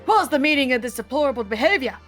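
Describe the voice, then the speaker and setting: A woman's voice: sits high, animated, fast, a bit bright, faint music behind. A woman voicing a pompous male judge who scolds and presides over a trial. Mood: stern. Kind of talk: voicing game dialogue aloud.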